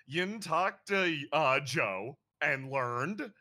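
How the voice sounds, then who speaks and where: A man's voice: mid-range voice, expressive, takes it slowly, bright, forceful tone. A man playing in a tabletop game session, chatting in a playful, joking way. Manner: playful and giggly. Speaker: player. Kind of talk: casual tabletop game chat.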